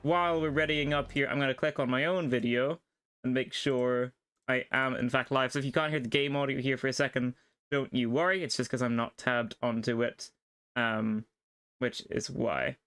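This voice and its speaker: A man's voice: medium pitch, fairly even intonation, normal speed, a bit bright, clean tone. A man chatting casually while streaming a game live, rambling and thinking aloud at his desk microphone. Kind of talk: casual live gameplay commentary.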